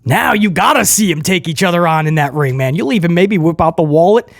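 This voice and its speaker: A man reviewing a wrestling show in casual commentary, animated, laughing often and addressing viewers directly. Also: fairly high pitch, fairly quick, dry recording, studio quality.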